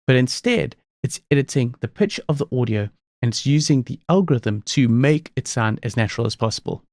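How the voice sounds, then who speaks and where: A man presenting a screen-recorded software tutorial, explaining each step calmly. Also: medium pitch, creaky, no echo, studio quality.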